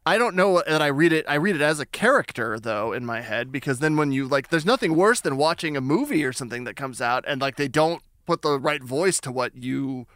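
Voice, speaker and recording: A man co-hosting a podcast in casual chat, animated and quick to laugh. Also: a little high, no room sound, clean studio sound. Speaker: podcast co-host.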